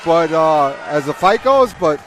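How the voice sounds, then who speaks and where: A man's voice: fairly high pitch, expressive, measured pace. A man commentating live boxing fights, rambling and joking, often repeating himself. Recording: crowd noise at a live event.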